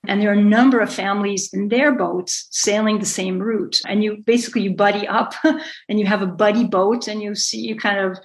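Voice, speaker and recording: A woman's voice: mid-range voice, steady tone, brisk, rough recording. A middle-aged woman being interviewed, talking at length in a rambling, self-correcting way with frequent small laughs. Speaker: guest, sailor and author. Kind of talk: conversational interview.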